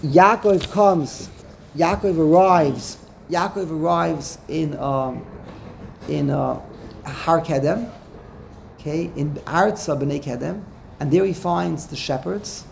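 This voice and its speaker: A man's voice: fairly high pitch, takes it slowly, creaky, a little hiss or hum. A man teaching a Torah text lesson, explaining step by step, quoting Hebrew verses and checking in with "okay?". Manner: checks in with "okay?", repeats words while thinking.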